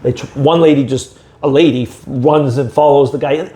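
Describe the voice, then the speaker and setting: A man's voice: medium pitch, steady tone, normal speed, mellow. A man co-hosting a casual podcast, talking in a rambling way with lots of fillers. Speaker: podcast co-host. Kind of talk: casual chat. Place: indoor podcast room.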